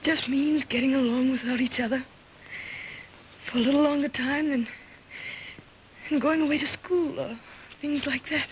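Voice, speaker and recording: An actress playing a gentle, brave young mother near death, speaking softly and haltingly in 1930s film style. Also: high voice, fairly even intonation, slight background noise, lightly acted, low-quality recording. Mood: soothing. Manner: soft, soothing, halting with emotion.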